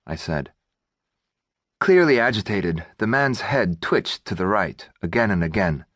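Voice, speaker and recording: A man narrating an audiobook in a wry, expressive storytelling manner on a studio mic. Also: sits low, no room sound.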